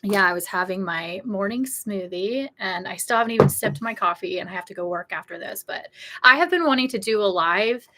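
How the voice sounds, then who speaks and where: Woman in her thirties, bright and chatty beauty vlogger, casual livestream talk. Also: mid-range voice, animated, brisk, slight background noise. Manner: chatty and emotional, reads viewer comments aloud.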